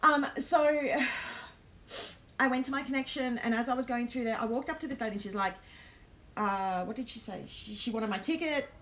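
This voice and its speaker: A woman's voice: a little high, moderate pace, a bit bright. An Australian woman hosting a live stream, telling a travel story in a chatty way, with lots of ums and nervous laughs.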